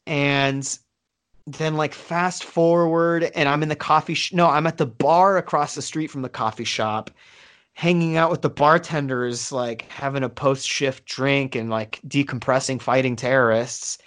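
A man's voice: mid-range voice, fairly even intonation, unhurried, a bit bright, clear, resonant tone. A man co-hosting a casual podcast, rambling through a long story with many fillers and swearing. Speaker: podcast co-host. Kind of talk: casual chat.

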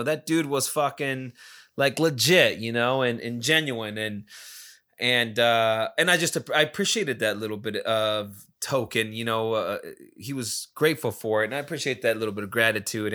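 A man's voice: mid-range voice, sharp tone. A man from Las Vegas telling a casual, rambling story, swearing freely and filling gaps with "you know.". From Las Vegas, USA. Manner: rambling, profane, many fillers.

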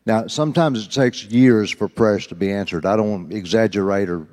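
A man preaching, telling a folksy, animated story and rising high when quoting others. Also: a little fast. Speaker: pastor. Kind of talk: sermon storytelling. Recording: long hall reverb.

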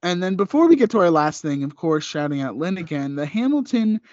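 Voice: mid-range voice, very animated, fairly quick, darkish tone, no room sound, lo-fi sound. A podcast co-host in casual chat, upbeat, running through news with fillers.

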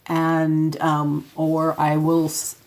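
A woman's voice: low voice, completely flat delivery, very slow, a little mellow. A middle-aged woman, a parent, giving a chatty talk over photos and telling anecdotes about her kids. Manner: chatty, anecdotal, acts out her son's lines. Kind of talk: casual spoken talk with photos.

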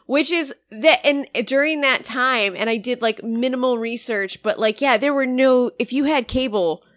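Rambling woman, fairly high voice. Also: normal speed, fairly bright tone, no room sound. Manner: rambling, many fillers like "like". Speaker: podcast co-host. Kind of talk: casual movie recap chat.

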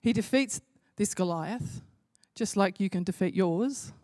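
A woman's voice: mid-range voice, measured pace, darkish tone, dry recording, studio quality. A woman preaching a sermon in an impassioned way, building to emphatic repeated phrases.

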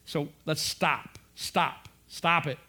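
A man voicing a male Roman city clerk who urges an angry crowd to settle down, in a firm and hushed way. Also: a little high, fairly even intonation, takes it slowly, pitched below the performer's own voice, full character voice. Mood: urgent calming.

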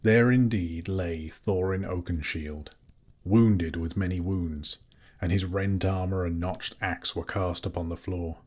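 A man narrating a fantasy audiobook in a measured, steady storytelling manner. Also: low-pitched.

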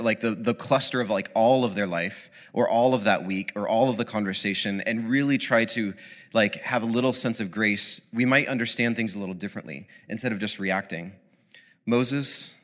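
A man's voice: on the low side, a bit bright. A man preaching a sermon in a casual, rambling way, with many fillers and restarts. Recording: long hall reverb.

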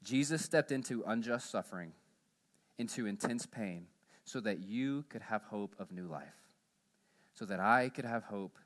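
A male pastor preaching a sermon in church, in a mid-range voice. He pushes his voice higher and louder to drive points home, then falls back low and quiet. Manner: emphatic, rising in pitch and volume on key points, dropping low and quiet to close them.

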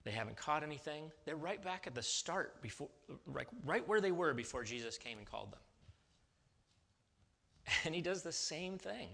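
Bright-voiced man preaching a lively sermon. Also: a little high, moderate pace, creaky. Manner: lively conversational preaching, checks in with listeners. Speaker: pastor.

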